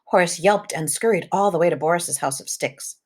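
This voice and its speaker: A woman reads a children's storybook aloud in a somewhat low voice. She keeps up lively sound effects and rhythmic repetitions. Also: a little fast.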